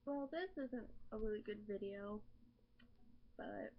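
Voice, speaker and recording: A woman's voice: mid-range voice, animated, slow, a little hiss or hum. A woman chatting casually in a rambling, self-deprecating way, recorded with a laptop webcam mic. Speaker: vlogger. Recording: dull lo-fi laptop webcam audio.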